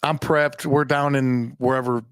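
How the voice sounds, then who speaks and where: A man's voice: medium pitch, little pitch movement, measured pace, smooth, dry recording, studio quality. A man hosting a podcast, telling a personal story in a rambling, profane, self-mocking way. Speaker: podcast host. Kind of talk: casual storytelling monologue. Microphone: podcast microphone.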